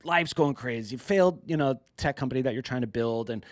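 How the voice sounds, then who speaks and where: A man's voice: medium pitch, fairly quick, no echo, clean studio sound. A man hosting a podcast, talking in an upbeat, chummy way and calling his guest man and bro. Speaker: podcast host. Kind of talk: casual interview.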